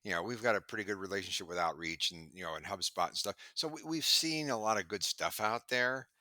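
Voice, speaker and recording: Animated, bright-voiced male sales guest. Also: lowish voice, a little fast, no room sound, studio quality. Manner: animated storyteller, acts out dialogue. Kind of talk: podcast interview.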